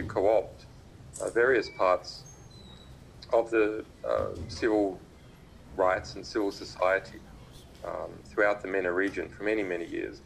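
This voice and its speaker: Speaker on a video call: a man with a low, gravelly voice, halting and full of ums and restarts. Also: slight background noise, low-quality recording. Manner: halting, many uh and um fillers and restarts. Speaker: invited speaker on a video link. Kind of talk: remote public talk. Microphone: video call played through a laptop speaker.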